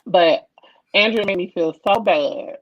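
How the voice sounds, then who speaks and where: A woman's voice: mid-range voice, unhurried, dry recording. A woman, a comic editor, chatting casually on a video call and telling stories bluntly and emphatically. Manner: blunt, emphatic, animated storytelling. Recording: dull dry lo-fi call audio.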